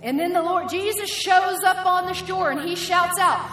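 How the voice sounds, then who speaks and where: A woman preacher with a high voice tells her story in lively bursts and acts out the people in it. Her sermon rings through a large, echoing hall with a long reverb tail, and soft music plays underneath. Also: unhurried, hardly any pauses. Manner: animated storytelling that acts out the quoted characters. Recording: echoey hall with music behind.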